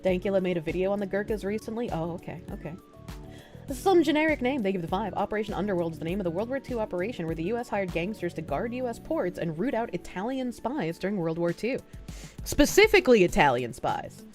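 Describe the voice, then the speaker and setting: A woman's voice: medium pitch, animated, quick pace, darkish tone, faint music behind. A woman livestreamer chatting casually and reading viewer messages aloud with frequent thanks, feeling sick with nausea and hiccups, often laughing.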